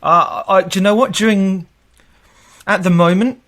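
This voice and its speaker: A tech recruiter in his thirties, interviewed, recounts stories in a relaxed, talkative way, laughing frequently and acting out quoted voices. He is high-pitched and a bit bright, at a moderate pace.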